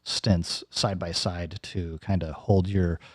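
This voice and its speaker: A man's voice: sits low, little pitch movement, takes it slowly, dry recording. A man in his thirties or forties casually recounting a recent surgery in a vlog, rambling with plenty of fillers and restarts. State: recovering from nose and throat surgery. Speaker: YouTuber giving a personal update.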